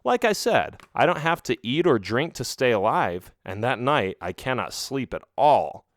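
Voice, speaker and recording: A man's voice: medium pitch, very animated, moderate pace, dry recording. A man narrating a children's audiobook in the first person, reading expressively into a close mic.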